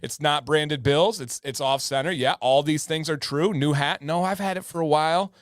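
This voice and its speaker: A man's voice: a little high, normal speed, no room sound, clean studio sound. Chatty joking man hosting a livestream. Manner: chatty, joking, greets viewers by name. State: slightly sore throat. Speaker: livestream host. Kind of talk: casual livestream chat.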